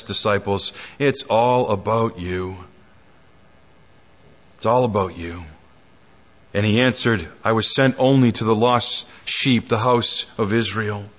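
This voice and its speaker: A man preaching a sermon as pastor, reading scripture aloud, with dramatic rises and hushed drops. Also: medium pitch, dull audio.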